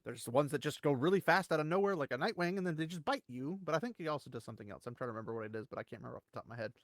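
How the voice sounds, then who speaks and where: Animated man with dry, close sound. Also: racing, no room sound. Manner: animated, rambling, with wide pitch jumps for emphasis. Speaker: channel host. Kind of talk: casual commentary.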